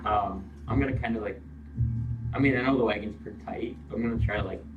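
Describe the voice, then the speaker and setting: A man's voice: fairly low pitch, fast, narrow, tinny audio. A man playing a tabletop game, describing his character's actions in a rambling way full of fillers. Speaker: player. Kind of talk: casual tabletop game chat. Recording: roomy far-off mic with background noise.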